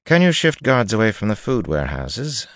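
A man voicing a cool, scheming noblewoman who speaks smoothly and primly in an audiobook reading. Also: lowish voice, very animated, normal speed, a bit bright, dry recording, clean studio sound, pitched above the performer's own voice. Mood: cool, probing.

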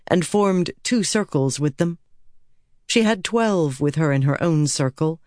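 A woman narrating a fantasy novel in an even, measured audiobook reading. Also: deep voice, no room sound, studio quality.

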